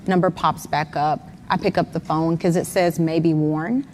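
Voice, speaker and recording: Woman going thru what happened hour by hour, lowish voice, roomy reverb and a bit of hiss. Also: fairly even intonation, normal speed. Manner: detailed, step-by-step retelling with times. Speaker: mother of a missing son. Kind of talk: recounting events in an interview.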